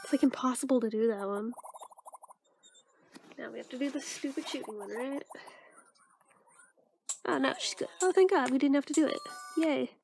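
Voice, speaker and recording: High, gravelly woman playing a game. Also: moderate pace, pauses often, over music. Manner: sarcastic, grumbling asides to the game. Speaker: let's play host. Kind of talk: casual game commentary.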